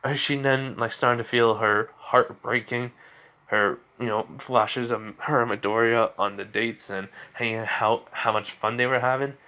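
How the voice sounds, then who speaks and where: A man's voice: medium pitch, steady tone, moderate pace, sharp tone, highs cut off. A man casually retelling a fan story, rambling with constant fillers.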